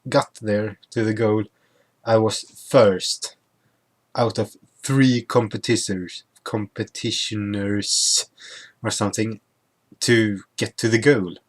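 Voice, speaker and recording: Slow, halting young man recapping a trip. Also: fairly low pitch, steady tone. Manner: halting, full of restarts and self-corrections. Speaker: vlogger. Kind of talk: casual travel recap over photos.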